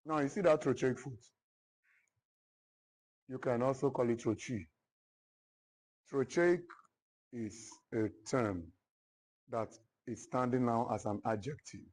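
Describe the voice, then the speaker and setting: A man teaching literature in a classroom, slowly repeating each point and often checking whether his students follow. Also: medium pitch, darkish tone, poor audio. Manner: slow, repetitive, checks understanding often. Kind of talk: classroom lecture.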